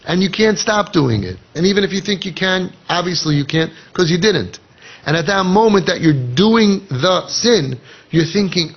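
A man giving an animated Torah lecture in English, mixing in Hebrew and Yiddish phrases and acting out people's inner voices. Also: high-pitched, moderate pace, breathy edge. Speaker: rabbi. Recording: dull lo-fi podcast audio.

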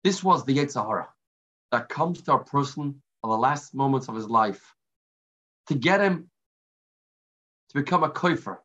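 A man giving a Torah class sermon, telling a story with dramatic pauses and Hebrew and Yiddish terms. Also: medium pitch, animated, fairly bright tone. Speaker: rabbi. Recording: lo-fi muffled recording.

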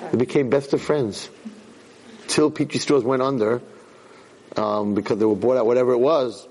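A man giving a fervent Torah talk as a rabbi, telling stories with animated energy that builds to shouting. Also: medium pitch, moderate pace, pauses often. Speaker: rabbi teaching students. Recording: long hall reverb.

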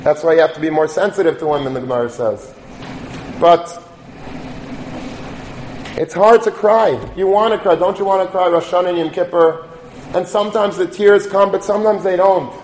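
A man's voice: high voice, moderate pace, pauses often, darkish tone. A man giving an earnest Torah talk, telling a story and sprinkling in Yiddish and Hebrew words. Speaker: rabbi. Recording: echoey room with faint noise.

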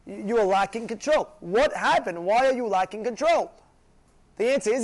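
A man teaching a religious class, animated, often acting out quarrels and asking if listeners follow. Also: sits high, quick pace. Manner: animated, acts out shouting voices, asks "you know?" often. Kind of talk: Torah class sermon.

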